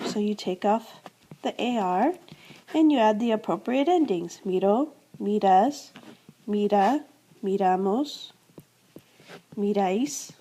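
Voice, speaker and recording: A medium-pitched, dark-toned voice belongs to an American Spanish teacher giving a classroom-style grammar lesson. She explains things step by step, repeating the verb endings and answering her own questions.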